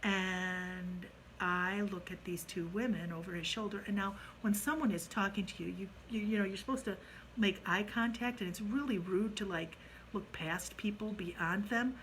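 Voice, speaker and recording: A woman's voice: medium pitch, normal speed, slight background noise, rough recording. Middle-aged woman telling ghost stories. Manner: animated, drops to a hush at eerie moments. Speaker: storyteller. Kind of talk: personal ghost story told casually.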